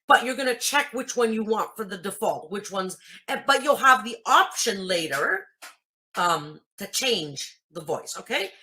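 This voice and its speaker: A woman's voice: mid-range voice, bright, forceful tone. A woman hosting a tutorial, explaining things patiently and checking in with her listeners. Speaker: host. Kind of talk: screen reader tutorial.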